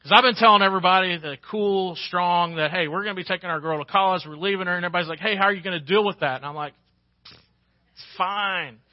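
A man's voice: sits high, very fast, hardly any pauses, no room sound, highs cut off. A man preaching a sermon as pastor, folksy and conversational, rising to emphatic peaks.

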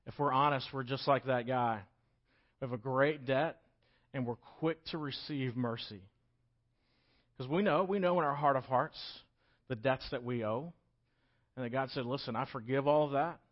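A man preaching a sermon, swinging from loud, urgent pleas to quiet, emphatic pauses. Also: medium pitch. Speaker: pastor. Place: church hall. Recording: dull, lo-fi recording.

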